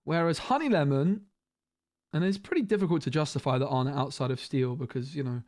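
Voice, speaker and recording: A man's voice: on the high side, brisk, a little mellow. A man streaming a casual card review, thinking aloud with frequent restarts.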